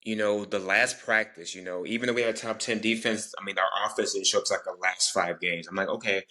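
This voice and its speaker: A young man from Texas tells his story as an interview guest, in an earnest and rambling way, slipping into the voices of the people he quotes. His voice sits very low, yet it comes across bright and forceful. He talks at a quick clip. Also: fairly even intonation. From Texas, United States.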